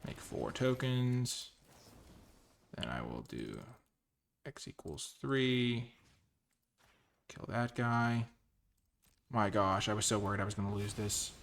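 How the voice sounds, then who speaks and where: A man commentating his own card game matches casually, excitable and full of exclamations. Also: lowish voice, slow pace, gravelly, pauses often, a little hiss or hum.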